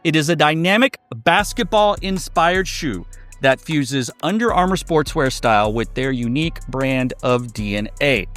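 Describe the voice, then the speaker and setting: A man's voice: on the high side, expressive, measured pace, fairly bright tone, faint music behind. A man giving a casual sneaker review, chatty and loose, with many fillers and restarts.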